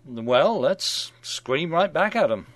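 A man's voice: a little high, very animated, takes it slowly, background noise. A middle-aged man hosting a radio show, reading scripted satirical commentary in a wry, mock-genial manner.

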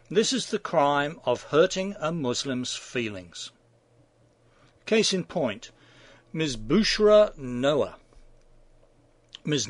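Sarcastic guy doing a scripted commentary, pitch bouncing all over, dry close sound. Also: no room sound. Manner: sardonic, mocking.

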